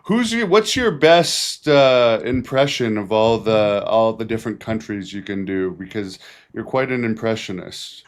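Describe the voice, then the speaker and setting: Man host asking halting questions. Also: lowish voice, lively intonation. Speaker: podcast host. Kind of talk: interview questions.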